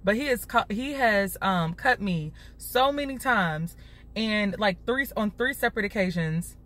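A woman's voice: medium pitch, animated, unhurried, fairly bright tone. A young woman with a Chicago accent, chatting to the camera in a casual vlog while sitting in her car and holding her phone. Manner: chatty, talks straight to camera, says y'all often. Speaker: vlogger. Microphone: phone held at arm's length.

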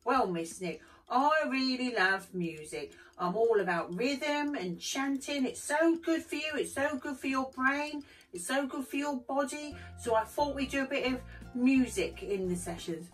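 A woman's voice: sits high, lively intonation, a little slow, recorded from a distance, voice pushed up. A woman voicing Mulberry, a music-loving puppet. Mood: enthusiastic.

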